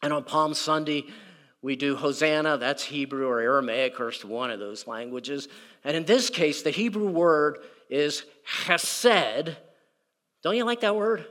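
Male pastor, high voice, casual sermon delivery, stumbles over repeated words, long church reverb. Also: measured pace, a bit bright. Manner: conversational, repeats words, acts out quoted prayers. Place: church sanctuary. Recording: reverberant hall.

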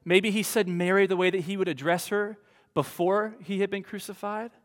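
Male pastor, high-pitched, slow earnest sermon delivery, long hall reverb. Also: steady tone. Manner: earnest, slow preaching with emphatic pauses.

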